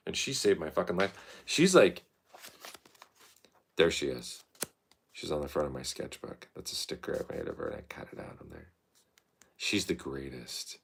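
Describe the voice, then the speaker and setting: A man with a very low voice talks to the camera in a rambling, unscripted monologue. He swears freely and leans on fillers, and his pitch rises and falls with lively animation. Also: normal speed, vocal fry, pauses often, husky. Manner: loose, swearing, meandering, filler-heavy. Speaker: vlogger.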